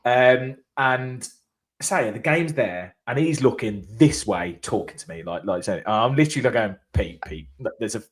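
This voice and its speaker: A man co-hosting a fan channel reacts to a match in a casual chat, telling rambling anecdotes. He's chatty and expressive, with a medium-pitched voice at a normal speed.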